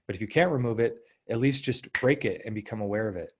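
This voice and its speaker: A man in his thirties, a guest coach in a casual interview, explaining ideas and acting out inner thoughts in lively asides. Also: lowish voice, fast. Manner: animated, acts out inner voices.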